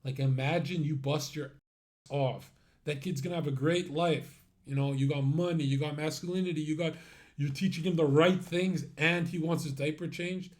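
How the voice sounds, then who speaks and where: A man's voice: on the high side, fairly even intonation, normal speed, a little mellow. A man streaming a casual monologue, brash and rambling, with many fillers and asides that trail off.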